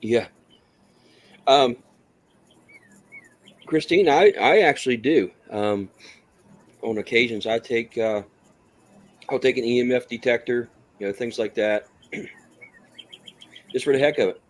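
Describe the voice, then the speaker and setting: A man's voice: mid-range voice, takes it slowly, pauses often. A man from West Virginia hosting a casual open-mic podcast, talking in an easygoing way with frequent restarts. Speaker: podcast host.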